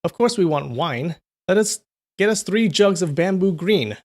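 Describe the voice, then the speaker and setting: A brusque, impatient escort who barks out demands, as a man reading a story does his voice. His voice sits high and pushy. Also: animated, moderate pace. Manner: curt, demanding.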